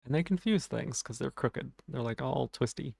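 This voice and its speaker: Male game streamer, stutters on some words, rambling and self-deprecating, middle-pitched voice. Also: normal speed, vocal fry, a little mellow, slightly rough, no room sound, studio quality. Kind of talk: casual live-stream chat.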